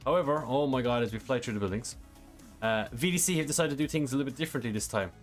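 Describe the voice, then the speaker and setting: A man's voice: mid-range voice, very fast, soft background music. A man streaming a driving game, reading chat questions and explaining a track in a casual, rambling way. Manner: casual, rambling, many fillers. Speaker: sim racing streamer.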